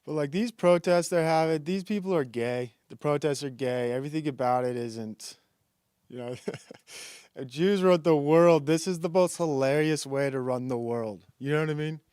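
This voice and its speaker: Casting: male stream host, slightly high voice, dry close sound, rambling mockery, laughs at his own lines. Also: moderate pace, a little mellow, clean tone, no room sound. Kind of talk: casual comedic monologue reacting to videos.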